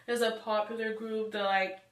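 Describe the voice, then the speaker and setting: A woman from Haiti hosts a relaxed chat, asking questions and talking loosely with lots of fillers. Her voice sits in a roomy space. The mic picks her up from a distance. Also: fairly high pitch, moderate pace. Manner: chatty, asks questions, many fillers. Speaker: host. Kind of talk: casual chat.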